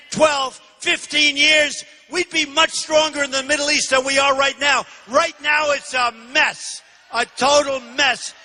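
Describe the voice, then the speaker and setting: Male, 60s, political candidate, punchy repetitive rally delivery, long arena reverb. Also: extremely high pitch. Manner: emphatic, repetitive, often shouting. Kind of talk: campaign rally speech. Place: large indoor arena.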